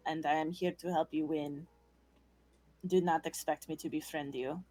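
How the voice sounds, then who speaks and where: A woman's voice: low voice, fairly even intonation, moderate pace, mellow, soft background music. A woman voicing a cold, aloof female champion warrior who talks in a curt, dismissive way.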